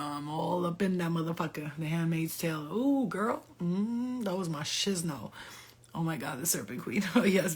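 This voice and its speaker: A woman speaks as a spiritual medium in an unfiltered, profane style, often laughing. Her voice is husky and sits at an ordinary middle pitch. She sounds like casual channeling talk rather than a formal reading.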